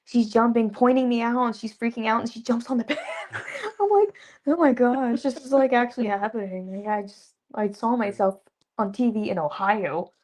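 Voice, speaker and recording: A young woman, an actress guest, chatting casually in an interview and telling lively stories with laughs and acted-out quotes. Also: fairly high pitch, normal speed. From Dallas area. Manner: animated storyteller, laughs often, acts out quotes.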